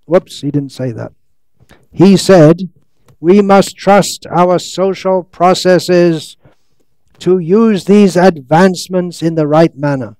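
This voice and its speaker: Slow, high-voiced sarcastic male lecturer. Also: mellow, no room sound. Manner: sarcastic, ironic asides; reads quotes slowly, stretches words. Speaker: monk lecturer. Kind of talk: scriptural lecture. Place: lecture hall in India.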